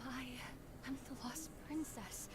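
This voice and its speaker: A woman's voice: high-pitched, animated, a little slow, heavy background noise. A woman voicing a spirited young princess in a game cutscene, speaking with hurt defiance. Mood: defiant. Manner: emotional, accusing, bold. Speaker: game character. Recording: music playing behind.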